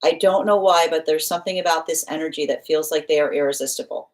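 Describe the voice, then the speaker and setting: A woman with a fairly low voice gives a live tarot reading to her viewers. She rambles in long run-on sentences packed with fillers and restarts, and she slips into the voices of the people she describes. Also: quick pace. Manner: rambling, many fillers and restarts, acts out what others say. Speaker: tarot reader.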